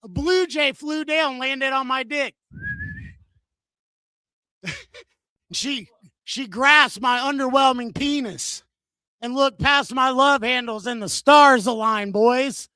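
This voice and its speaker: A man's voice: extremely high pitch, takes it slowly, pauses often, sharp tone, smooth, no echo. A man in his thirties doing a stand-up comedy set on a venue stage into a handheld mic, with crude, self-mocking, punchy delivery.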